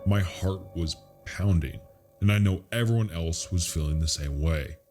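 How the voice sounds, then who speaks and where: A man reading a scary true story as a narrator, in a slow, hushed, suspenseful delivery. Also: low voice, soft background music. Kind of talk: scripted horror story narration.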